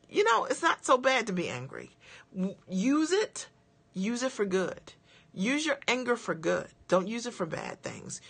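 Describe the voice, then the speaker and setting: On a livestream, a woman business coach with a husky, bright, mid-range voice delivers a forceful motivational talk. Rapid rhetorical questions come one after another, and she checks in with viewers after every point.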